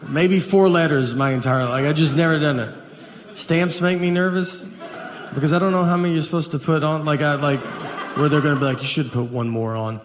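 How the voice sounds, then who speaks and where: Deadpan man telling stand-up stories. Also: fairly high pitch, background noise. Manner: deadpan, self-deprecating storytelling. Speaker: stand-up comedian. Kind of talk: stand-up comedy set. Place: theater stage before an audience. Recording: echoey hall, live audience laughter.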